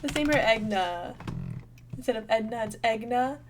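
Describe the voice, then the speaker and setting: A woman's voice: on the high side, animated, normal speed, faint music behind. A young woman giving casual, bubbly gameplay commentary, thinking aloud and chatting to her viewers. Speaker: gaming channel host.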